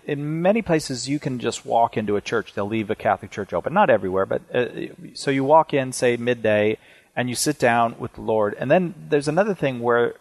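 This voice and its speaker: A man's voice: mid-range voice, dry recording. A man hosting a call-in radio show, chatty and joking, with many restarts.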